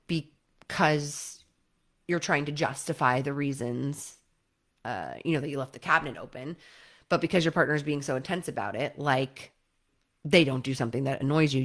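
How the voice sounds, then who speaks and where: A woman with a fairly low voice talks through relationship advice in an easy, chatty way. She keeps checking in with the listener, tossing in "right?" and "like" as she goes. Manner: conversational, often checks in with "right?" and "like"; lively, acts out quoted partners. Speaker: lawyer giving relationship advice. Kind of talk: casual advice talk to camera.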